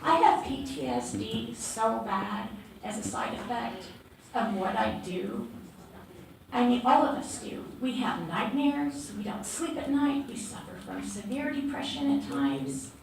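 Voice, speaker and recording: A woman activist giving unplanned testimony at a city council meeting. She is trembling and emotional, and she speaks haltingly with many fillers and restarts. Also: fairly high pitch, creaky. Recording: echoey council chamber from far off, with background noise.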